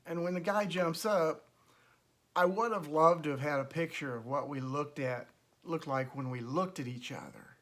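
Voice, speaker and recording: A middle-aged man hosting his own show, telling a story in a casual, animated way and acting out the voices he quotes. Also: fairly high pitch, moderate pace. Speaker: host.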